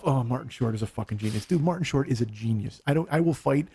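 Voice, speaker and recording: A man from Chicago hosting a comedy podcast, telling stories in an animated way, acting out voices, swearing freely and laughing often. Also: mid-range voice, fast talker, hardly any pauses, husky. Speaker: podcast host. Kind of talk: casual comedic chat.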